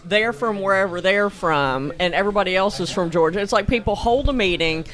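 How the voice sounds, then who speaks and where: Bright wry woman with a Kentucky accent. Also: medium pitch, fairly quick. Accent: Kentucky Southern American. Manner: wry, teasing. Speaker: podcast guest. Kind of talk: casual chat.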